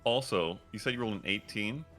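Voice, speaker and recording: Running a tabletop game as dungeon master, a man with a very low voice and a bright, forceful edge sets each scene slowly and descriptively. He pauses on frequent fillers as he talks, with faint music in the background.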